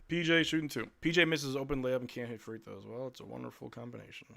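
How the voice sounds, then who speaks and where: Bright-voiced man calling games as a frustrated fan. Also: mid-range voice, steady tone, fast talker, creaky. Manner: exasperated, blunt, slangy fan talk. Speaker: live stream host. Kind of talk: casual fan play-by-play commentary.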